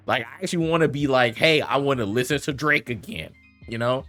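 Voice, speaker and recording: A man's voice: medium pitch, brisk, bright, forceful tone, faint music behind. A man giving a casual, slangy commentary rant, laughing often and talking loosely with lots of fillers. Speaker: commentary vlogger.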